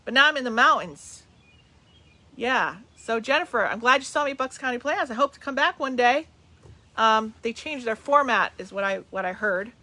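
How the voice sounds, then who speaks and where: A bright, energetic middle-aged woman talks to her viewers over a webcam. She is from New Jersey and hosts a live stream as a medium, greeting people by name and chatting loosely. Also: a little high, moderate pace. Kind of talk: casual live-stream chat. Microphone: webcam on a video call.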